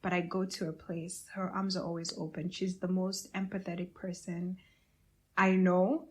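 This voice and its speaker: A woman's voice: lowish voice, level tone, moderate pace. Woman telling a candid personal story. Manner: candid and emotional, many fillers. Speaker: podcast host.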